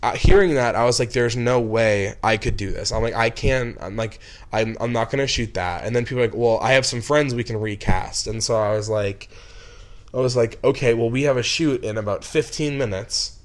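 A young man directing films spins a long, meandering story, piling on "like" and restarting his sentences. His voice sits at a middling pitch and rises into heated bursts when he gets worked up. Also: a little fast. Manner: rambling, heavy with "like" and restarts, flares into angry outbursts. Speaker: film director. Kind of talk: casual storytelling.

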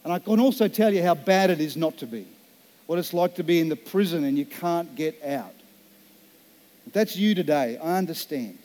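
A pastor delivers a sermon in a mellow, rather high voice. He tells a personal story slowly and earnestly, leaning into each phrase for emphasis. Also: animated.

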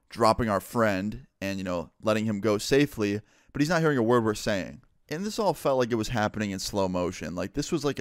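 A man's voice: on the low side, no room sound, clean studio sound. A man in his twenties telling a story casually, full of "like" and "dude.". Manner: laid-back, full of "like" and "dude".

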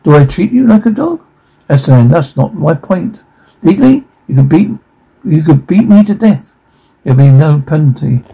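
A man reading the lines of a blunt Viking chieftain in a flat, plain way. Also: on the high side, moderate pace, vocal fry, slightly rough, full character voice, low-quality recording. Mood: questioning.

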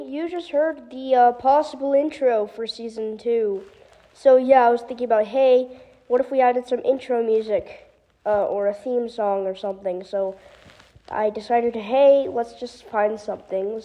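A woman's voice: fairly high pitch, muffled recording. Chatty woman reading her story. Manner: chatty, many fillers and self-corrections. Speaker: podcast host reading her own story. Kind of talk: casual reading aloud.

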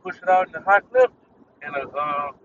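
A man with a high, bright voice rants on his podcast in an irritated, rambling way, cursing freely. He sits a little back from a muffled, dull-sounding mic. The faint hum of passing traffic sits behind him. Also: moderate pace, recorded from a distance. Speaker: podcast host. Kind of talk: casual solo rant.

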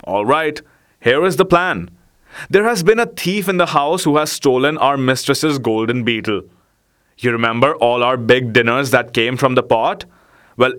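A man's voice: mid-range voice, fairly bright tone, clear, resonant tone, lightly acted. A man voicing a clever, scheming house cat who lays out a plan in a storybook reading. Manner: knowing, earnest.

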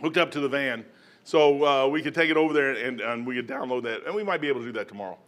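A man preaching a sermon in a folksy storytelling way, breaking into loud shouts when he acts out prayers. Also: mid-range voice, fast.

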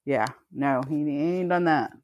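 A podcast co-host shares stories in casual chat, swearing a lot and laughing frequently. Her voice is low and a little mellow, at normal speed. There's no echo, though the recording sounds muffled.

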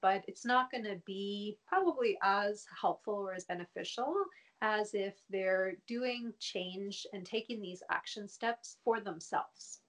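A woman psychologist speaking as a podcast guest, explaining in a measured way and laughing easily. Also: mid-range voice, fairly bright tone. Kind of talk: podcast interview.

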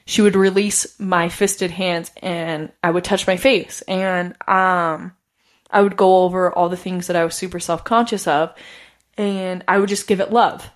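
A woman's voice: on the low side, fairly even intonation, unhurried. A woman telling a personal story in a casual, chatty way, filling her sentences with "like" and laughing often. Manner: chatty, heavy use of "like". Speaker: podcast host.

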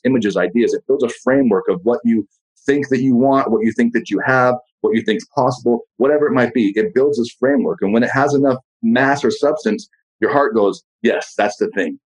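Appearing as a podcast guest, a man with a mid-range voice gives casual motivational talk, blunt and profane, and tells his stories with lots of animation. The audio quality is poor.

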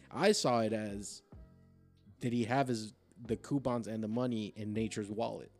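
A man's voice: fairly low pitch, measured pace, darkish tone, faint music behind. A man in a casual chat, making dry joking remarks.

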